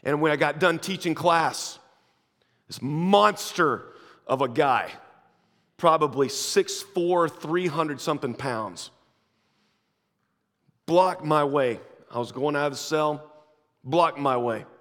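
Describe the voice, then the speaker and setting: A man preaching and telling stories, who swings from hushed, slow lines to fervent ones. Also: on the high side. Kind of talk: sermon with storytelling. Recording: long reverb of a large hall.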